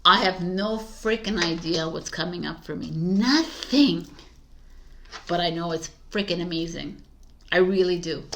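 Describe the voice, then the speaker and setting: A woman's voice: mid-range voice, sharp tone. Chatty woman reading tarot. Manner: chatty and emphatic, laughs often. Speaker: tarot reader. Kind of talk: casual tarot reading monologue.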